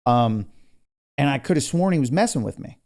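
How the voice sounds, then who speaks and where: Relaxed male podcast co-host with a mellow, low-key voice who spins easygoing anecdotes. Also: moderate pace, vocal fry. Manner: laid-back storyteller, says dude and man. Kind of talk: casual podcast chat.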